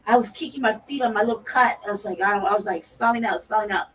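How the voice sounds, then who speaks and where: A woman co-hosting a talk show, telling a profane story in a lively way and acting out her own reactions. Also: mid-range voice, fast talker. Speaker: podcast co-host. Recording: distant mic with faint noise.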